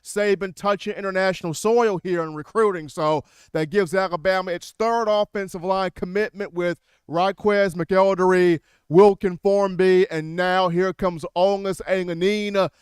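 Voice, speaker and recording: A man hosting a sports call-in show, energetic and quick, taking callers with repeated catchphrases. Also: sits high, clean tone, dry recording, clean studio sound.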